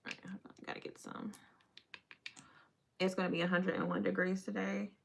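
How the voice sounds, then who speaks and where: A woman's voice: fairly low pitch, level tone, a little fast, vocal fry, slight background noise. A young adult woman chatting casually with viewers on a livestream while doing her makeup.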